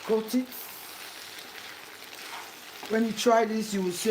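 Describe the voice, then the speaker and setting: A woman's voice: fairly high pitch, steady tone, slow, pauses often. A woman giving a cooking demonstration in her home kitchen, talking the viewer through each step and repeating instructions over and over. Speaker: home cook. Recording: echoey kitchen with frying noise.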